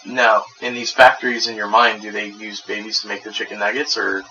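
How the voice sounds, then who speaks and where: A man co-hosting a casual podcast, crude and quick to laugh, often stumbling and restarting. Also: on the low side, level tone, pushed and bright, highs cut off. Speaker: podcast co-host. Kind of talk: casual chat. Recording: distant mic with background noise.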